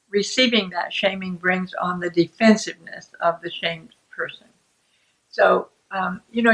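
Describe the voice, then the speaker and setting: A woman who writes self-help books, explaining shame calmly and deliberately to the camera. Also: medium pitch, low-quality recording. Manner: calm and deliberate.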